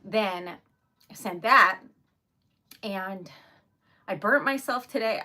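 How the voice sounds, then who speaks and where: A woman's voice: medium pitch, slow pace, long pauses, bright, forceful tone. A young woman hosting a casual livestream, chatty and giggly, often laughing and apologizing. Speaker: typewriter shop owner and stream host.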